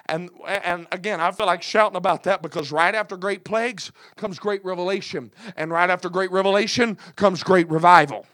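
A man's voice: high-pitched, brisk, few pauses, fairly bright tone, no room sound. A man preaching a sermon in an impassioned cadence punctuated by "uh", with folksy, plain-spoken asides.

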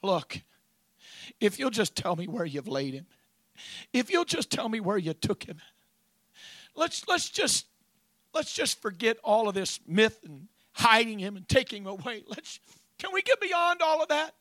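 A preacher putting on a heartbroken woman begging through grief, her soft voice high and bright. She stumbles over her words, slowly restarting each plea. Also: big pitch swings, no room sound, clean studio sound, heavily acted. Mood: pleading. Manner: soft, pleading, breaking off and restarting. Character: grieving desperate woman pleading at a tomb.

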